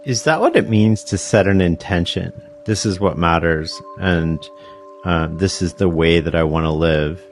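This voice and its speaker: A man's voice: deep voice, measured pace, soft background music. A man hosting a podcast interview, asking thoughtful, probing questions. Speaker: podcast host.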